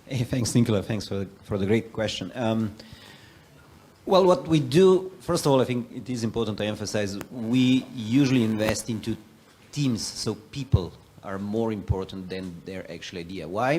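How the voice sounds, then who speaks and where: A man with a fairly low voice answers a panel question. He lays out his reasoning step by step in a measured way. A faint hiss runs under the recording. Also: lively intonation, a little mellow. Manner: explanatory, measured. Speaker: panelist, investor and professor.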